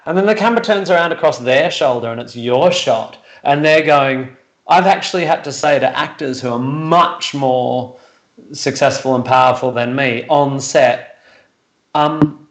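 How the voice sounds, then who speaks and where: A man's voice: medium pitch, measured pace, roomy sound, muffled recording. A man chatting casually on a video call about acting and writing, rambling and correcting himself as he acts out quotes. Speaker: guest actor and writer.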